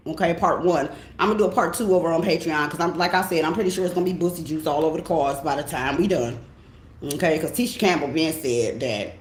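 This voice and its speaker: A woman, a tarot reader ranting casually, animated and profane. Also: lowish voice. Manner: animated, profane, laughing often. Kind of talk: casual vlog rant. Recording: echoey room with faint hiss.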